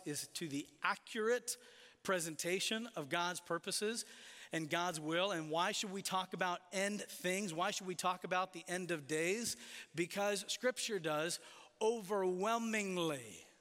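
A man delivers a sermon from the pulpit, leaning hard on key words and drawing them out. His voice sits high for a man. The sound rings with the long reverb of a big church hall. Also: a bit bright. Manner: emphatic preaching with slowed, stressed phrases. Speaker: pastor.

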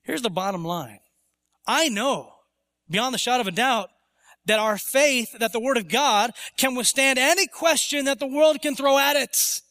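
A man preaching a sermon in a church, his voice pitched high and sounding bright and forceful. He is emphatic, at times lifting his voice to act out the objections he answers. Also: moderate pace, long reverb tail. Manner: emphatic, rising to voice imagined objections. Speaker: pastor. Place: church sanctuary.

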